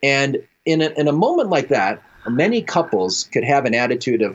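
A man's voice: mid-range voice, big pitch swings, fairly quick, hardly any pauses, muffled recording. A man speaking as a radio guest, telling stories and acting out quoted voices with frequent laughs. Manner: storytelling, acts out quoted voices, laughs often. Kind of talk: relaxed radio interview talk.

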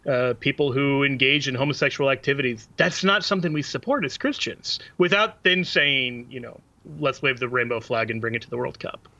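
A man's voice: mid-range voice, animated, brisk, few pauses, bright, forceful tone, dry recording, muffled recording. A man on a talk show, making his points earnestly and fluently. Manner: earnest, fluent, quotes sources. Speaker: co-host.

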